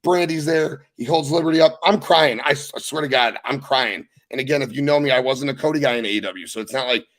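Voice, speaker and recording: A young man hosting a casual wrestling recap podcast, talking with excited, profane emphasis. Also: medium pitch, quick pace, hardly any pauses. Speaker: podcast host.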